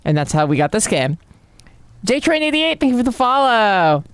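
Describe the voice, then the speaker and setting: A woman's voice: on the high side, big pitch swings, moderate pace, smooth, no echo. A woman streaming a game, chatting casually and joking with viewers.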